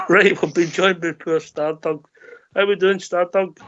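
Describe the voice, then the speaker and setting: A man's voice: high-pitched, fairly even intonation, a bit bright. A man with a Scottish accent hosting a fan radio show, friendly and teasing as he brings in callers. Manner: friendly, teasing, quick to laugh. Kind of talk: casual football chat. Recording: dull lo-fi sound.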